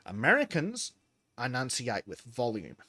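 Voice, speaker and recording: A man's voice: medium pitch, wildly swooping pitch, measured pace, sharp tone, no room sound. A man in a casual podcast chat, playful, swearing freely and explaining at length.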